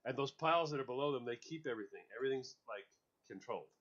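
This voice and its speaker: A man's voice: medium pitch, lively intonation, very fast, fairly bright tone. Male radio host, casual chatty delivery, laughs a lot, repeats words; muffled lo-fi audio. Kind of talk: casual chat.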